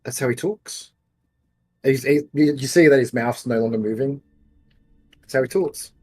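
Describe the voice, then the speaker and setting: A man playing a tabletop game, gentle and affectionate as he describes his character's actions. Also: medium pitch, moderate pace, husky, faint music behind. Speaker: player. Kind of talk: tabletop role-play.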